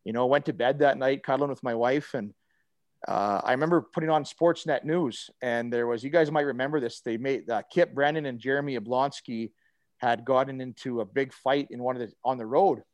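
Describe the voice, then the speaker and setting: A man's voice: medium pitch, fairly quick, no room sound. A middle-aged man, a former hockey player telling a long story in a casual chat, full of fillers and restarts. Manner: rambling, animated storyteller with many fillers and restarts.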